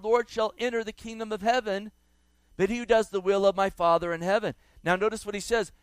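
A man's voice: high-pitched, clear, resonant tone, dry recording. A man preaching a sermon with emphatic stress on key words, quoting scripture in a raised, dramatic voice.

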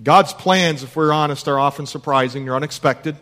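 A man's voice: fairly high pitch, moderate pace, fairly bright tone. A man preaching a sermon in an earnest way, asking his listeners rhetorical questions. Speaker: pastor.

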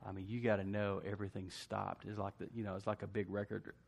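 A man preaching a sermon to a church congregation, asking "amen?" and swinging from hushed asides to loud emphasis. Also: fairly low pitch, level tone, fast talker, creaky. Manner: call-and-response preaching, asks congregation "amen?". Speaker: pastor.

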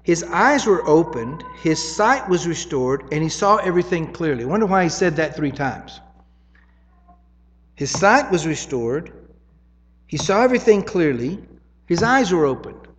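A male preacher walks through scripture in a relaxed, talky way, pausing to check in with his listeners. His voice sits a touch high, and a long reverb hangs behind it. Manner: conversational teaching, tags points with "right?". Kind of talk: sermon.

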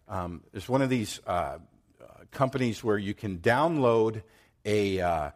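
Animated middle-aged man preaching, low voice. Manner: animated storytelling, acts out quoted voices, swings loud and soft. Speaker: pastor. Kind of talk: sermon.

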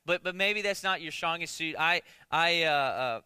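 Man, pastor preaching, conversational sermon, smooth clear voice, dry close sound. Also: fairly high pitch, normal speed, hardly any pauses, bright, forceful tone, no room sound. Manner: conversational, jokey, many restarts and rhetorical "right?".

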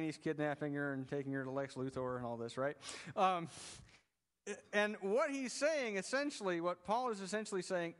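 A man preaching a sermon as pastor, in a relaxed conversational way that jokes with the congregation. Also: a little high, in a large hall.

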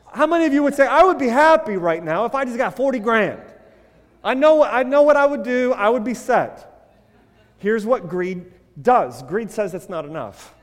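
Male pastor preaching in a church; unhurried, wide-ranging voice that jumps from loud emphasis to soft asides. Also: high-pitched, long reverb tail. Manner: animated preaching, swinging from loud emphasis to quiet asides, telling a joke story. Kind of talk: sermon. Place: church sanctuary.

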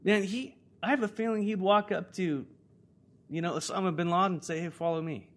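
Conversational American male preacher, higher voice. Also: brisk. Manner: conversational preaching, swinging between loud emphasis and hushed prayer. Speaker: pastor. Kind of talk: sermon.

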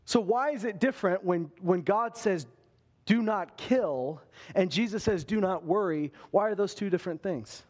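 High-voiced preacher, lively and animated. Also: male voice, normal speed. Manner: animated, acts out panicked voices with big pitch swings. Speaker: pastor. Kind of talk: sermon.

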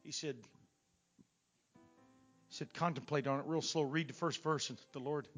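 Middle-aged pastor preaching hard in church, voice a bit high, swells way up then drops quiet, soft guitar under him. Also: male voice, steady tone, moderate pace. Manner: preaching with surging volume, rising to near-shouts. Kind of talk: Pentecostal sermon. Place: church sanctuary.

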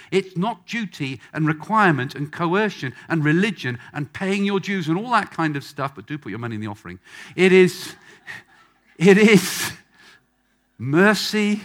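Guy preaching to a packed room, bright punchy voice, keeps repeating himself for effect. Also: a little high. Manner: emphatic, repeats phrases for effect. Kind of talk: sermon. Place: church hall with a live congregation.

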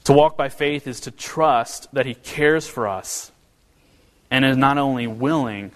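Casting: male pastor preaching, mid-range voice, long hall reverb. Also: unhurried. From American Midwest. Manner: earnest, storytelling with humor, pitch rising when animated. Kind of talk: sermon.

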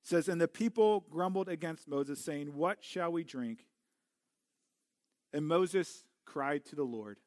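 A man's voice: fairly high pitch, a little slow, darkish tone, no echo, studio quality. A middle-aged man preaching a sermon as a pastor, earnest and often restarting his words. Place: church.

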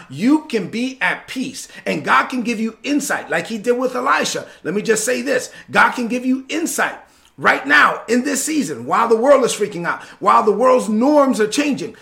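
A male preacher delivers a sermon in an emphatic, repetitive cadence. His voice sits high with a gravelly fry and a bright, forceful ring.

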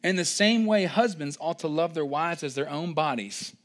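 A young adult male pastor preaching a sermon, emphatic and playful, building to loud excited stretches and tossing in joking mock voices. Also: fairly high pitch, normal speed.

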